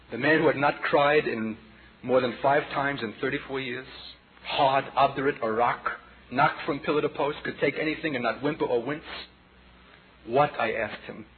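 A medium-pitched man in his forties preaches a testimony sermon about his own life, impassioned and dramatic, dropping to hushed passages before bursting out loudly. The recording is a tinny, lo-fi sermon tape with audience noise.

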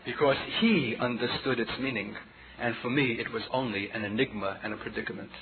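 A man in his forties preaching a personal testimony sermon, impassioned and dramatic, swinging between hushed passages and loud outbursts. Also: medium pitch, fairly quick, a crowd in the background. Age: 40s. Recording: tinny lo-fi sermon tape with audience noise.

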